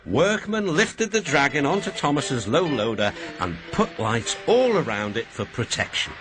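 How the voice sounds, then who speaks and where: Brief: British storybook narrator, very animated, lively pitch, music bed. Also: male voice, moderate pace. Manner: very animated and expressive. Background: background music.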